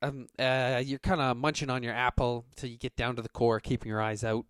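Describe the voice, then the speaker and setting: A man's voice: medium pitch, fairly quick, smooth, dry recording, clean studio sound. A man running a tabletop game as game master, narrating in a loose, rambling way with plenty of fillers. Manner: relaxed and rambling, many fillers.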